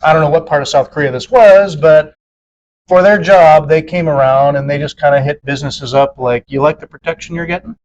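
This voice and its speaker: A man's voice: fairly high pitch, fairly even intonation, moderate pace, a little mellow, dull audio. A man in casual podcast chat, rambling with many fillers and acting out quoted dialogue in a raised voice. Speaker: podcast co-host.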